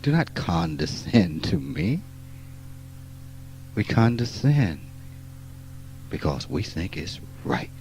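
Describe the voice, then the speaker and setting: A man gives a spiritual talk in a somewhat low, mellow voice. He speaks bluntly and emphatically, with plenty of profanity, dropping to quiet asides and then bursting out loud. It is an archival talk recording from 1989. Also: very animated, takes it slowly, pauses often, faint music behind, rough recording. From rural Mississippi. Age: 50s. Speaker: spiritual teacher.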